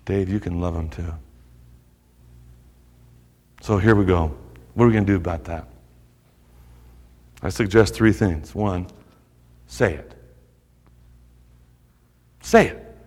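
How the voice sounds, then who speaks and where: A man preaching a sermon with earnest urgency, pressing his points through repetition. His voice sits a little high for a man. It rings with the long reverb of a church hall. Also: big pitch swings, a little slow, pauses often, fairly bright tone. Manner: earnest, repeats phrases for emphasis, urges the congregation. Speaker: pastor.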